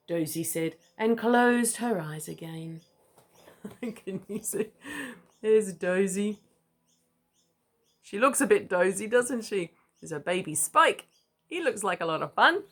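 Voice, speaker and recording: Mum reading to her kid, lively up-and-down voice, playful asides. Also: medium pitch, measured pace. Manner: playful, chatty asides and laughs. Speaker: mother reading to her child. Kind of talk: reading a picture book aloud.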